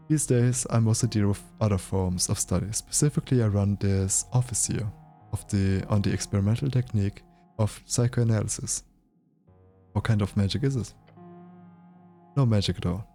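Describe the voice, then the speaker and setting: A man voicing a weary, pedantic old male halfling scholar in a stilted put-on accent, slow and lecturing, as he reads game dialogue aloud. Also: on the low side, creaky, mellow.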